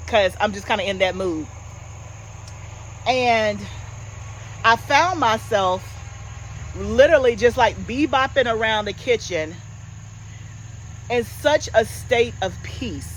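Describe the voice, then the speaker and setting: Woman, 40s, homestead vlog host, relaxed animated chatter, calls viewers y'all. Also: fairly high pitch, measured pace, pauses often, a little hiss or hum, rough recording. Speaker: homestead gardening channel host. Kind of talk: casual chat.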